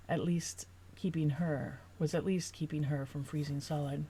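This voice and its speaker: A woman's voice: low-pitched, steady tone, mellow, a little hiss or hum. Woman reading her own novel aloud. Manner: pauses to rework sentences while reading. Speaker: author.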